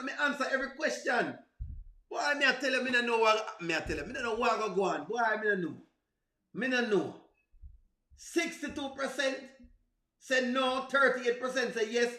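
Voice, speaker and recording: A man's voice: very high voice, sharp tone, roomy sound. A man with a Jamaican accent chatting casually on a livestream, answering viewers, laughing often and exclaiming to himself. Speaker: livestream host.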